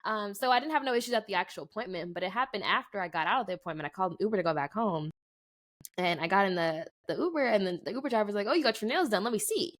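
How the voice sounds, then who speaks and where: A young woman co-hosting a podcast, telling a story in a casual chat, lively and laughing, jumping her pitch high to act out other people. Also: racing. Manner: animated, laughing, acts out quoted voices with big pitch jumps. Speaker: podcast co-host.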